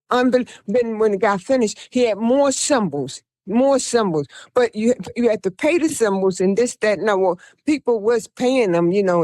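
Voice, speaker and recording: A woman's voice: medium pitch, darkish tone, no echo. A woman hosting a radio show, telling a rambling first-person story, urging her listeners on and acting out the voices of people she quotes. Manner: exhorting listeners, repeating "come on, people". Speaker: radio show host and self-styled prophetess.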